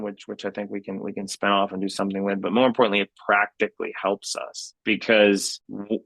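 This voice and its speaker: A man giving a conference talk to a business group, telling lively anecdotes and often restarting his words. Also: lowish voice, no echo, low-quality recording. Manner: animated storytelling, many repeated starts. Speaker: keynote speaker. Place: meeting room.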